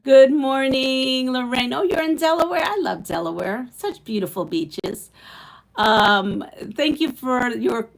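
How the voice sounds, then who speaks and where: A woman's voice: a little high, very animated, a little slow, vocal fry, poor audio. A middle-aged woman from Brooklyn with a Brooklyn accent, hosting a quilting live stream and chatting casually with her viewers as she reads their comments aloud. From Brooklyn, New York. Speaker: quilting channel host.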